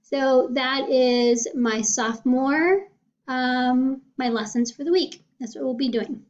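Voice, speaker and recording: A woman's voice: high-pitched, takes it slowly. A woman cosmetology teacher casually walking through her weekly lesson planning, often checking in with "okay?". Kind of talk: casual screen walkthrough. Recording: dull lo-fi sound.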